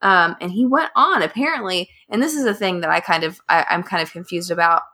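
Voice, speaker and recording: A woman's voice: fairly low pitch, brisk. A woman co-hosting a podcast, telling a story casually and acting out the quotes. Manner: animated storytelling, acts out quotes with laughs.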